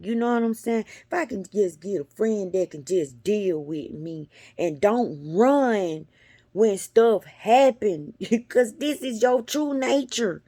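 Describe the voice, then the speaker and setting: Woman telling a spirit story, cusses, dark mellow voice, gets whispery. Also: medium pitch, takes it slowly, no echo. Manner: animated, cussing, talks straight to her viewers. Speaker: spiritual vlogger.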